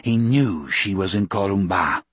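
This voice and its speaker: Brief: male narrator, husky voice, gentle measured reading. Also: low voice, lively intonation, no room sound. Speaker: audiobook narrator. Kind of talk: scripted narration.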